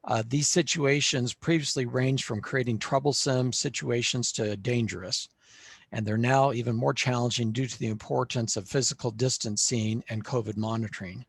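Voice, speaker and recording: A man with a husky voice presents slides to a panel at a steady, measured pace, filling pauses with "uh". The sound is dry and close, with no room around it. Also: mid-range voice, no room sound. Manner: measured, with frequent "uh" fillers. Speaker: panelist presenting on school facilities. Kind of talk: webinar presentation.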